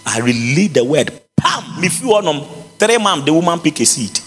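A male pastor with a Ghanaian accent, preaching a sermon with impassioned shouts and sing-song phrasing. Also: fairly high pitch, very animated, moderate pace, slight background noise. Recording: reverberant hall with faint music.

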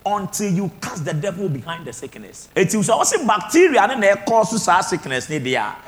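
A male pastor preaching a healing sermon, shouting fervent declarations over the congregation. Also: high voice, big pitch swings, fairly quick.

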